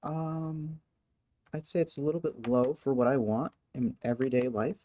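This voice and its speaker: A woman's voice: a bass voice, normal speed, dark tone. A woman streamer chatting casually and hesitantly, full of ums and trailing thoughts. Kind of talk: casual chat.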